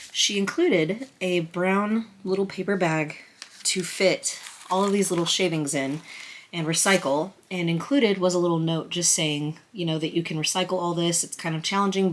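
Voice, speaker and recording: Excited, flustered woman vlogger, low-pitched. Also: slight background noise. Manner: excited, flustered and rambling, with many restarts; emotional, close to tears. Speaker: tarot vlogger unboxing a deck. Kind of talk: casual chatty unboxing. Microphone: camera on a stand at a table.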